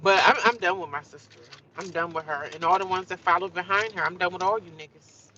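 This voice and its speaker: A woman's voice: lowish voice, fast talker, pushed and bright, highs cut off. A woman ranting on a live stream, emphatic and fiery, repeating and drawing out her phrases. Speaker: livestreamer.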